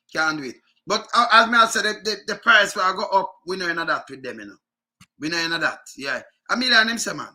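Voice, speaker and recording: A Jamaican man comments in a casual, argumentative way and keeps circling back to the same point. His voice sits high and sounds strikingly bright and sharp. He laughs now and then while he talks. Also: fairly quick. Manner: argumentative, repeats himself, chuckles often.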